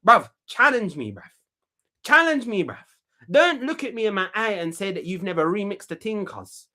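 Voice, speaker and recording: A man, bragging and rambling through a comedic talk show monologue. His slightly high voice swings widely up and down as he holds forth. He comes across as brash and full of himself. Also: fairly bright tone. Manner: boastful, slangy, rambling.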